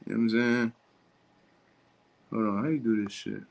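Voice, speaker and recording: A man's voice: on the low side, moderate pace, vocal fry. A man hosting a casual livestream who reacts to viewer comments in blunt, slangy, profane talk. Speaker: livestream host.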